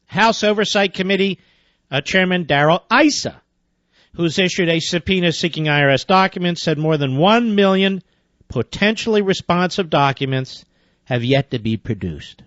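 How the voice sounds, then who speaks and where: A man's voice: high voice, lively intonation, normal speed, fairly bright tone, dry recording, dull audio. A man hosting a talk radio show, reading news items aloud and breaking into sarcastic, indignant commentary.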